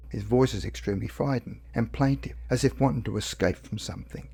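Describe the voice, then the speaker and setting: A man narrating a paranormal story in a measured, somber scripted reading. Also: medium pitch, dark tone, slightly rough.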